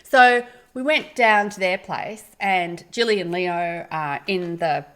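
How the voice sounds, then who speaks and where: A woman's voice: on the low side, slow pace. Woman in her fifties telling stories. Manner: animated, laughing storyteller. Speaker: podcast co-host. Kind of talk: casual storytelling chat.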